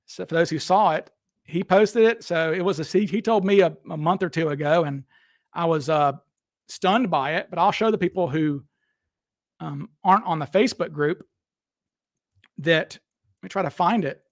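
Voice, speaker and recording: A livestream host with a somewhat high voice chats casually, rambling, restarting sentences and speaking directly to viewers. He talks at a normal speed with long pauses, and the sound is dry and close with no room echo.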